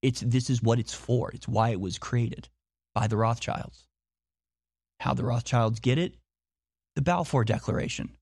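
A man's voice: medium pitch, unhurried, creaky, pauses often, a little mellow, breathy edge, no room sound. Insistent man, dry close sound. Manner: insistent, repeating rhetorical questions; restarts and stumbles often. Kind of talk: monologue commentary.

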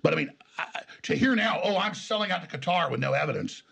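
Gravelly, husky man with a Texas accent. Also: a little high, lively intonation, fast talker, bright, forceful tone. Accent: Texan. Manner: emphatic, rambling, acts out quoted exchanges. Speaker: interview guest. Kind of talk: conversational interview storytelling.

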